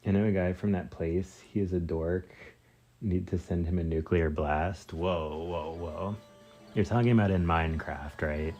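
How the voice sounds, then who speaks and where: A native Spanish speaker streams a game live over game music, giving casual commentary full of slangy exclamations and fillers. His voice is deep and darkish, with fairly even intonation at a normal speed.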